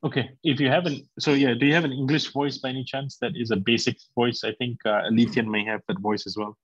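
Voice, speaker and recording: A man's voice: mid-range voice, fairly even intonation, fast talker, slightly rough, no echo. Man, host of a live online address, rambling, lots of fillers, dull dry sound. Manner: rambling, many fillers, talks to listeners directly. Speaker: company host presenting a product.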